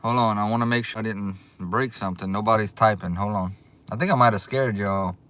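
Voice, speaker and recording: Excitable man on a livestream. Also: on the low side, a little fast. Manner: excitable, drawling, thanks viewers repeatedly. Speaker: livestream host. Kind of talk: casual live chat. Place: outdoors.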